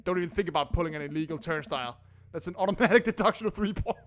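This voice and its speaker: A man voicing a brash, drunk middle-aged film buff who rants loudly with a slurred voice. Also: fairly high pitch, racing, close to an everyday voice. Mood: mock-official. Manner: slurring drunk voice, loud and ranting.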